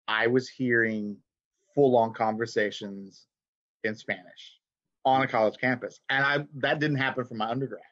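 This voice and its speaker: A man's voice: no room sound, muffled recording. A man, telling stories in a casual conversation with many restarts. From South Texas. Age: 40s. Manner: animated, frequent restarts, jumps high when imitating relatives. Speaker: poet guest.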